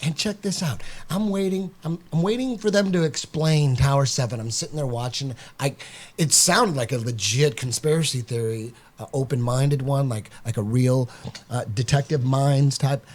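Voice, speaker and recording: Male podcast host, blunt and animated, ordinary mid-range voice. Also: medium pitch, normal speed. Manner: blunt, animated storytelling with repeated phrases. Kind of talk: casual podcast chat.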